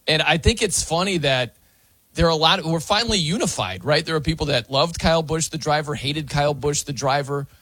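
A man hosting casual sports talk, animated and chatty, sometimes mimicking wrestling announcers. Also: fairly high pitch, a little fast, dry recording.

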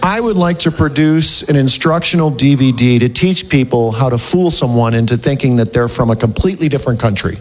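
A man doing a stand-up comedy set, animated and mocking, slipping into silly impressions. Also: mid-range voice, a little fast, hardly any pauses, slight background noise.

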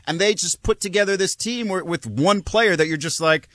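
A man co-hosting a sports talk show, animated, building points with rhetorical questions. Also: sits high, normal speed, no room sound, clean studio sound. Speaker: co-host.

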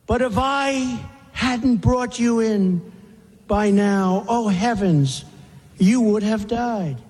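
A tender-hearted woman voiced by a man reciting a poem cries out with gushing warmth. The voice is slow and high for a man. A long hall reverb trails each phrase. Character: tender-hearted kind woman, then betrayed.

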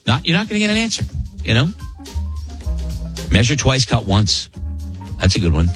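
A radio host in casual banter, a man with a very lively, swooping delivery who laughs often. Soft music plays faintly underneath. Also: medium pitch, moderate pace. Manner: animated, joking, laughs often. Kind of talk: casual on-air banter reading listener emails.

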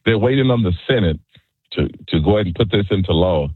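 A male caller on a radio show giving his opinions in a halting way, repeating words as he goes, over a phone line. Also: low voice, expressive, husky, no room sound.

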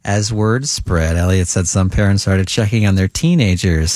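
A man's voice: low-pitched, moderate pace, few pauses, a little mellow, dry recording, studio quality. A man co-hosting a radio show, reading listener stories aloud with amused asides. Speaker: radio co-host.

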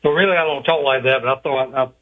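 A man's voice: medium pitch, very fast. A man from South Carolina with a thick Southern accent, calling in to a radio show with a joking drawl. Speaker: caller. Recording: muffled phone line.

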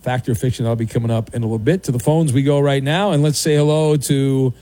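A man's voice: medium pitch, fairly even intonation, dark tone, no echo. Jokey talk radio host, man. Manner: jokey, teasing, drawn-out emphasis. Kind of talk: live talk radio hosting.

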